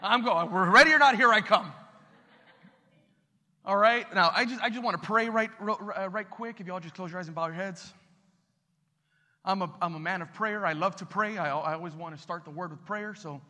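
A pastor preaching with call-and-response energy, leading prayer and urging the congregation to repeat after him. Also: male voice, high-pitched, moderate pace, bright, forceful tone. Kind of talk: sermon. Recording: long reverb in a hall.

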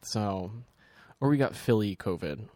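A man's voice: fairly low pitch, lively intonation, measured pace, warm tone, dry recording. Wry, joking man, podcast co-host. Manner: wry, joking, throat-clearing. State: slightly congested. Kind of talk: casual chat.

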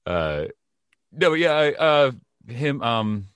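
A man's voice: medium pitch, very animated, slow, fairly bright tone, smooth, no room sound, studio quality. A man casually chatting about a movie trailer as a co-host, rambling with frequent fillers and restarts. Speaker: podcast co-host.

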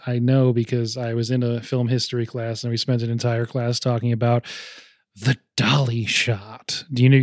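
A man's voice: mid-range voice, no echo, clean studio sound. A young man in casual film talk with friends, rambling and often laughing as he goes.

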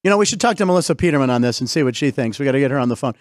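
A middle-aged man hosting a casual comedic sports talk show, rambling through jokes and quick asides. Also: mid-range voice, animated, dry recording, clean studio sound. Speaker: host.

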